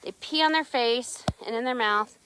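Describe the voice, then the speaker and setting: A woman's voice: on the high side, moderate pace, bright, forceful tone, slight background noise. A woman chatting casually on a live stream outdoors on her ranch, talking sweetly to her animals.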